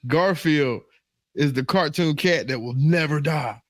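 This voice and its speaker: A man with a somewhat high voice swaps stories on a comedy podcast. He talks loosely and swears freely in easy banter. The recording is dry and close. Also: a little slow, no room sound. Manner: loose, profane storytelling. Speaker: podcast co-host. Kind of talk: casual comedy chat.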